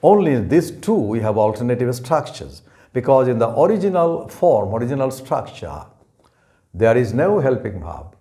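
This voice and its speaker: A man's voice: medium pitch, big pitch swings, normal speed, warm tone. A man teaching an English grammar lesson, speaking carefully and repeating each example sentence. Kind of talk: slow explanatory lesson.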